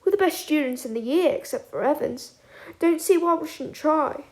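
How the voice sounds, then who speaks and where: A woman voicing a calm, measured teenage schoolboy who steadies his friends. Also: high-pitched, pitched above the performer's own voice. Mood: explaining. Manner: measured, tempering.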